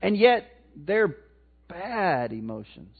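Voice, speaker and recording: A man's voice: high voice, very animated, slow, creaky, husky. A man preaching a sermon in a conversational way, putting questions to his congregation and answering them himself. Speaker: pastor. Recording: tinny phone-like sound.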